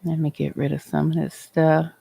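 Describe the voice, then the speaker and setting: A woman's voice: low voice, little pitch movement, moderate pace, vocal fry, dark tone, slightly rough, no room sound. A woman hosting an outdoor livestream, chatting and preaching straight to her viewers. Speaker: livestream host. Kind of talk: casual livestream chat and teaching.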